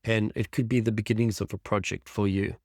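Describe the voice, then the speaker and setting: A man's voice: on the low side, flat delivery, fairly quick, no room sound, studio quality. A man teaching a design tutorial over a screen share, thinking aloud with enthusiasm as he clicks through images. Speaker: design instructor.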